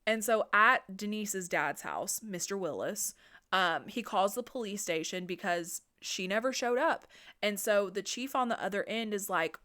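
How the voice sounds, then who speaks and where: A woman podcast host giving a casual, animated, profane recap of a horror movie. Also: mid-range voice, measured pace.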